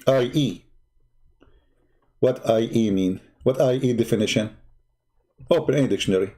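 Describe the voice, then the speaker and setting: A man hosting a live stream, mocking and sarcastic, growing loud and excited as he argues. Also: medium pitch, moderate pace. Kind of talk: live-streamed religious debate talk.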